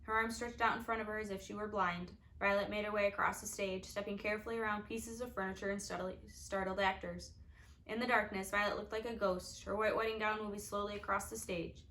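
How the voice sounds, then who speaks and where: A woman's voice: medium pitch, fairly even intonation, fairly quick, a bit bright, rough recording. Woman reading a wry storybook aloud. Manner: wry, confiding asides to the reader. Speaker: audiobook reader. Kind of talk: storybook narration.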